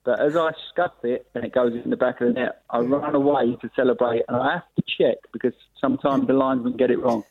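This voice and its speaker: A man's voice: mid-range voice, brisk, vocal fry. A former footballer, a man, vividly recounting a goal from his own point of view. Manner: vivid, animated storytelling. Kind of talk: recounting a match memory. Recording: tinny phone-line audio.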